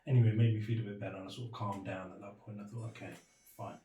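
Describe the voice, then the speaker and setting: A man's voice: fairly low pitch, level tone, racing, mellow, a little hiss or hum. A young British man telling his personal story in an interview, reflective and candid, acting out the dialogue he remembers in quoted voices. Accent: British English. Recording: echoey room, voice from a distance.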